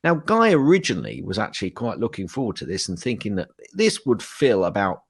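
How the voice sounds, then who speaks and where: A man's voice: fairly low pitch, big pitch swings, a little fast, breathy edge, no room sound. A man from the UK co-hosting a casual tech podcast, chatty and playful, often laughing at what he reads out. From United Kingdom. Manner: chatty and playful, laughs at his own reading. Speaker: podcast co-host.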